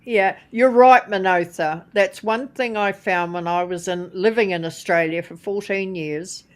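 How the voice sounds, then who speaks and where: Slow-spoken New Zealand woman. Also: medium pitch, clean tone. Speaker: co-host. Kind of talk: casual podcast chat.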